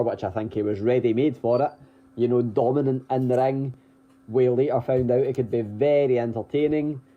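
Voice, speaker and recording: Guy rattling off wrestling news on a podcast, mid-pitched, lots of ums, kinda muffled lo-fi sound. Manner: chatty with frequent ums and restarts, occasional chuckles. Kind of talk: casual news rundown. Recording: dull lo-fi audio.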